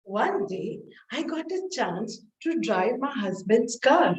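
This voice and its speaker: A woman's voice: fairly high pitch, big pitch swings, slow pace. A woman giving a humorous contest speech over a video call, storytelling animatedly with quoted dialogue. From India. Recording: roomy, distant call audio.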